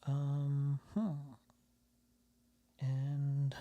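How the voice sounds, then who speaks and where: A streamer giving live commentary on a video, sarcastic and mocking, often repeating phrases and mumbling low asides. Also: completely flat delivery, drawn-out words, dark tone, muffled recording.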